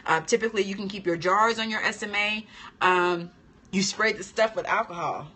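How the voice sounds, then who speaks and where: A woman hosting a casual live-stream chat as an esthetician trainer. She is chatty and animated, answers viewer comments, and laughs often. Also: medium pitch, moderate pace. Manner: playful and expressive, laughs often.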